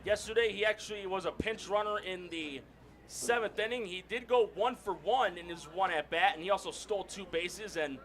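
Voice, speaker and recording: High, bright-voiced male baseball announcer. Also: normal speed. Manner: excitable, shouts during big plays. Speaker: play-by-play announcer. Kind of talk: baseball play-by-play commentary.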